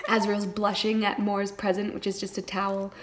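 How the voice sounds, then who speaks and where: Young woman book vlogger, excitable casual chat, giggly, heavy "like" filler, average pitch. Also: normal speed, very noisy. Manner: gushing, laughs often, says "like" constantly. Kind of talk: casual chat reading vlog.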